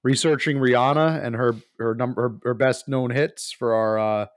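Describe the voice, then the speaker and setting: A man co-hosting a podcast in casual chat, talking in halting, rambling restarts. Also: medium pitch, steady tone, no room sound, clean studio sound. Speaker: podcast co-host.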